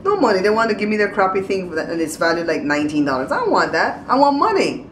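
A woman's voice: fairly low pitch, sing-song, very fast, a bit bright, reverberant, a little hiss or hum. A woman hosting a casual home vlog, outspoken and teasing as she talks to the camera. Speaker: vlog host. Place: at home in a hallway.

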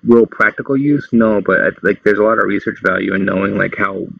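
A man's voice: lowish voice, fairly quick, vocal fry, slightly rough, dry recording. A man hosting a casual tech tutorial, explaining things in a loose, meandering way. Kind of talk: casual screen-recorded tutorial. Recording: dull lo-fi dry sound.

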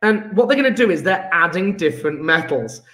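A man's voice: sits high, expressive, fairly quick, fairly bright tone, reverberant. A man teaching chemistry in a live online lesson, chatty and jokey, reading out pupils' chat messages as he goes.

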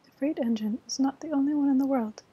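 A woman's voice: medium pitch, brisk, warm tone, husky, lo-fi sound. A woman whispering as an eager little toy clown, whispered role-play. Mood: hopeful. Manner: eager, encouraging.

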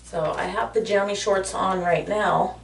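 A woman's voice: medium pitch, fairly even intonation, a little slow, creaky, distant mic, a little hiss or hum. A woman talking to her viewers in a casual vlog from her bathroom, emotional and heartfelt. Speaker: vlogger. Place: home bathroom. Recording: echoey room, voice a bit off-mic.

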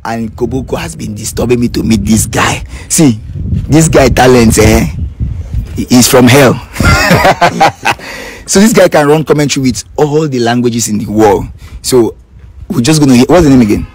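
A man's voice: mid-range voice, normal speed, slightly rough. A Nigerian man hosting a casual vlog, joking and teasing, slipping into Pidgin. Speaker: vlogger.

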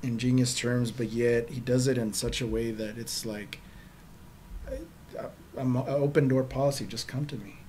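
A man leading a casual group Bible study, chatty and quick to laugh, dropping in plenty of "you know"s. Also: medium pitch, steady tone, mellow, slight background noise.

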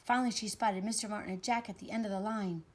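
A woman reading a storybook aloud to young children, as host of a kids' show. Her voice is breathy and soft-edged, with an animated read-aloud delivery at a middle pitch. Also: quick pace, rough recording.

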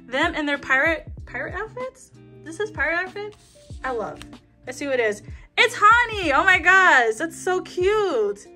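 A young woman chatting excitedly as she unboxes albums, counting down and squealing at each reveal. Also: sits high, moderate pace, faint music behind. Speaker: K-pop album unboxing vlogger. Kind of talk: excited casual unboxing chat.

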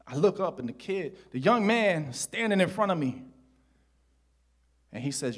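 A middle-aged male pastor preaching a sermon in a church, telling a personal story that swings from hushed retelling to shouted preaching. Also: on the high side, expressive, a little slow.

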